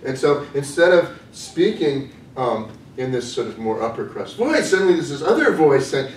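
A man giving an academic lecture, thoughtful and hesitant, often pausing with "um" as he works through his ideas. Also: medium pitch, big pitch swings. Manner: thoughtful, hesitant with frequent ums. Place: lecture room. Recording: echoey room from a distance with faint noise.

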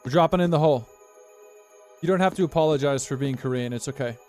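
A man's voice: fairly high pitch, fast talker, a little mellow, soft background music. An American man giving live gameplay commentary as a streamer, chatty and reactive, talking to his viewers and yelping when startled. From United States.

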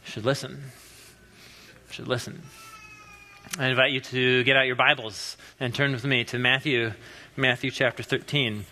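Bright-voiced, animated preacher in a big hall. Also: male voice, mid-range voice, normal speed, a little hiss or hum. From US Pacific Northwest. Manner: animated, joking storyteller. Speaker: pastor. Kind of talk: conversational sermon. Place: church sanctuary. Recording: long reverb of a large hall.

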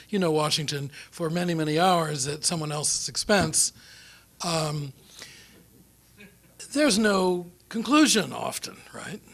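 A man's voice: a little high, a bit bright. Rambling New Zealand man telling anecdotes. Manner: rambling anecdotal storyteller, self-deprecating, laughs often. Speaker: guest speaker. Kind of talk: after-dinner foreign policy talk. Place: lecture room or dinner venue.

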